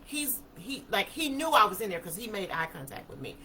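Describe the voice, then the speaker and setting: A woman's voice: medium pitch, very animated, brisk, pushed and bright, a little hiss or hum, low-quality recording. A woman in her fifties telling a personal story to an audience in a vivid, emphatic manner with everyday vernacular. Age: 50s. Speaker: speaker. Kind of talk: personal testimony talk.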